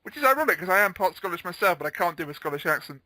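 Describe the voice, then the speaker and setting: A man's voice: high voice, very animated, racing, pushed and bright, no room sound, low-quality recording. A man hosting a casual chat, opinionated and a little stammering. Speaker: host.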